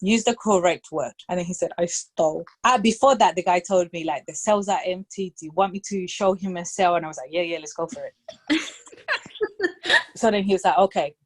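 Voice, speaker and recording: A woman's voice: fairly low pitch, fairly quick. A woman telling a story in casual chat, acting out the voices and dropping into phrases. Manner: animated storytelling, acts out voices, code-switches to Spanish. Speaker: podcast guest.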